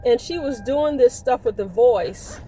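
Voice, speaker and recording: Woman in her 60s just chatting at the camera, kinda high voice, teasing and laughing, faint noise behind. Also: a little slow, dark tone, poor audio. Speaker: vlogger. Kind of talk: casual storytelling to camera.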